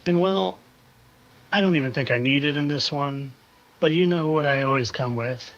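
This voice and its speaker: A man's voice: a little high, moderate pace. A man hosting a monologue video, talking in a sarcastic, insinuating way and repeating phrases for effect. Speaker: conspiracy video host. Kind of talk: monologue over clips. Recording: dull lo-fi sound.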